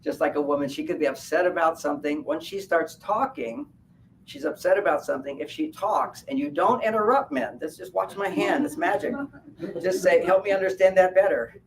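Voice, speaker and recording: A man giving a live talk at a fair, animated and laughing at his own points as he acts out little quotes. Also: on the high side, normal speed, vocal fry, crowd noise. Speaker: speaker at a wellness fair. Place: event room at a hotel fair. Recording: distant mic with faint background noise.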